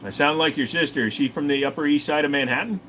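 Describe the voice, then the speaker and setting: A man's voice: fairly high pitch, quick pace, pushed and bright, slight background noise. A man in his forties with a Tennessee accent, hosting a casual livestream and chatting to viewers in a crude, profane, joking way. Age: 40s. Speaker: livestream host.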